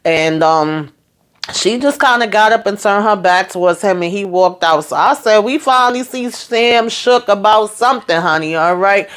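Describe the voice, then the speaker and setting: A woman chatting casually through a TV episode recap, retelling scenes in a lively, filler-filled way. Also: mid-range voice, normal speed, clear, resonant tone. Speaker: TV show recap vlogger.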